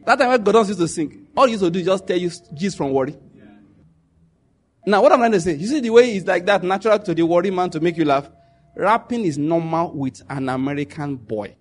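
A Nigerian man with a Nigerian accent tells stories in a loose, animated monologue. His voice sits high for a man and has a husky edge. He laughs often and drops into pidgin quotes. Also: fairly quick. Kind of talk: casual storytelling monologue.

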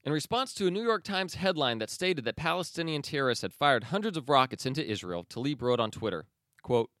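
A man hosting a news commentary podcast, opinionated and sarcastic, often pausing with fillers and restarts. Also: medium pitch, expressive, fairly bright tone, dry recording, studio quality. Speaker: podcast host.

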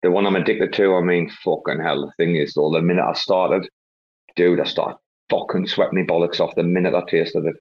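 A man's voice: sits low, steady tone, brisk, breathy edge. A man hosting a casual online chat, rambling and swearing through banter. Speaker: host. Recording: dull lo-fi online audio.

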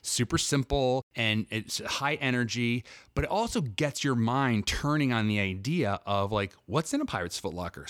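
A man in a casual podcast conversation, explaining improv exercises with lively energy and briefly acting out examples. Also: mid-range voice, no echo, clean studio sound. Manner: animated, acts out examples in quick character voices. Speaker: improv teacher and guest.

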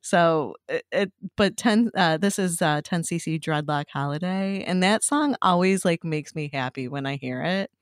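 Woman, casual podcast host, low voice, dry close sound, rambling and giggly. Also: normal speed, few pauses, dry recording. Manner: rambling, giggly, many fillers. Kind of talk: casual chat.

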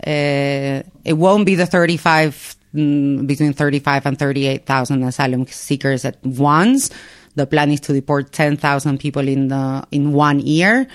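A woman rabbi, a guest on the show, explaining her work in a measured way with pauses and restarts. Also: sits low, fairly even intonation. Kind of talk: explaining in a podcast interview.

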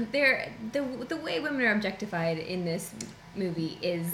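A woman's voice: medium pitch, animated, reverberant, noisy background. A woman co-hosting a casual movie chat, candid and blunt with her opinions. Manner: candid, blunt, quick to laugh. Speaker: podcast co-host.

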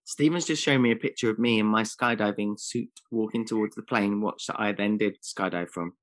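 A man's voice: on the low side, moderate pace. A man co-hosting a comedy podcast, answering with defensive, sarcastic jokes. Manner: defensive, sarcastic jokey replies. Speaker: podcast co-host.

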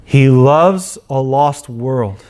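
A man's voice: mid-range voice, extremely slow, darkish tone. A male pastor preaching an earnest sermon, often repeating and restarting his phrases.

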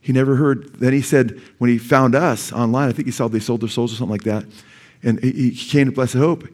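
A male pastor delivering a sermon in a church sanctuary. His voice sits at an ordinary middle pitch. He preaches earnestly and urgently, and his voice climbs sharply when he stresses a point. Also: fairly even intonation, brisk, a little mellow. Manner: earnest, urgent preaching with sudden emphatic rises.

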